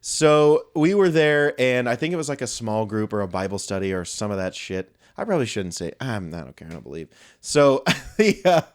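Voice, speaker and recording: A man's voice: medium pitch, very animated, normal speed. A young adult man co-hosting a podcast, telling a long, rambling anecdote in casual chat with frequent swearing and joking asides. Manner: rambling storyteller, swears freely, jokey asides. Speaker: podcast co-host.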